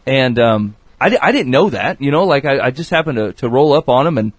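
A man's voice: medium pitch, lively intonation, fairly quick, no room sound. A man on a podcast earnestly telling a story about counseling a friend, rambling with many restarts and quoted dialogue. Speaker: regular podcast guest giving advice. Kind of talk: casual podcast chat and storytelling. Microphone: studio mic.

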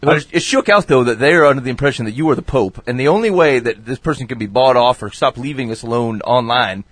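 A man's voice: mid-range voice, quick pace, no echo. A man hosting a podcast, joking around and hesitating with many fillers. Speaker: podcast host. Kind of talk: casual podcast chat. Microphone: studio mic.

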